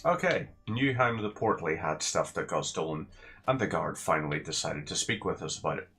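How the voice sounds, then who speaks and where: Deep-voiced man commenting on gameplay. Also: expressive, normal speed, bright, forceful tone, soft background music. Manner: sarcastic, rambling asides to the viewer.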